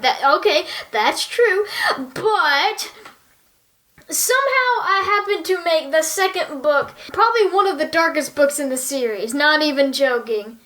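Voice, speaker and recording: A young woman talking casually and earnestly to her viewers, bubbly and chatty, with quick laughs. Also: high-pitched, a bit bright. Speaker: YouTuber.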